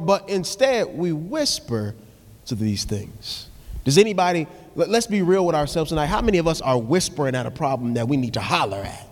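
A man's voice: on the high side, very animated, normal speed. A young adult man preaching a live sermon in a large church hall, reading scripture and praying in a rhythmic cadence that swells into emphatic hollering. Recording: long reverb of a church hall with music behind.

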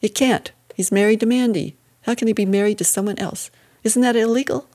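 A woman puts on a proud, fretful middle-aged mother who fusses over her family. She speaks with emphasis, in a raised, brighter pitch than the narration. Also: a little fast. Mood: indignant.

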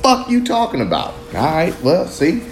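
A man's voice: on the high side, huge pitch swings, normal speed, slight background noise. A man hosting his own podcast, talking loosely and reflectively in street slang with lots of swearing and rambling asides. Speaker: podcast host. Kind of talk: casual solo podcast monologue.

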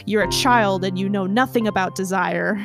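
A woman's voice: mid-range voice, moderate pace, vocal fry, soft background music, close to an everyday voice. A woman voicing a cold, cruel male crane who purrs and snarls menacingly in a read-aloud story. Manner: purring, growling, snarling.

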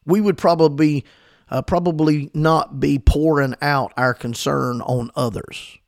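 A man delivering a sermon with fervent, emphatic conviction. His voice has a gravelly edge in the lower notes, and the recording is dry and close, with no room sound. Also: steady tone, a little slow, no room sound. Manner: fervent, emphatic preaching with repetitions. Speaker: preacher.

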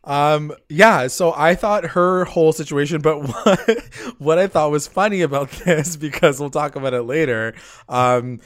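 A man's voice: on the high side, a little slow. A man co-hosting a casual podcast, recapping a TV episode and acting out quoted lines in mocking voices. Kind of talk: casual chat.

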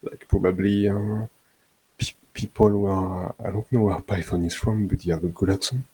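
A French man with a French accent, a guest speaking English as a second language in a casual chat, halting and searching for words. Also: sits low, fairly even intonation, crowd noise, rough recording. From France. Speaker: podcast guest.

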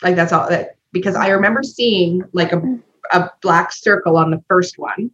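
A podcast co-host tells a personal story in casual chat, acting out the voices of the people in it with plenty of animation. Her voice is on the low side and a bit bright, at a normal speed. The recording is dull and lo-fi.

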